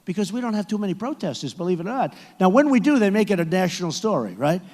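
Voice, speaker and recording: A man giving a campaign rally speech to supporters in a big arena, repetitive and boastful, often rising to shouts. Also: high-pitched, sing-song, fast talker. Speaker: political candidate addressing supporters. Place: large indoor arena. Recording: echoey arena sound from a PA.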